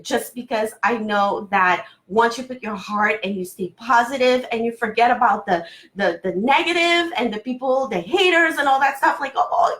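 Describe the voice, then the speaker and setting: A woman speaking straight to camera as a motivational coach, earnest and encouraging. Her voice sits a little high and cracks now and then with nervous excitement. She talks in a candid, heartfelt way. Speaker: business coach.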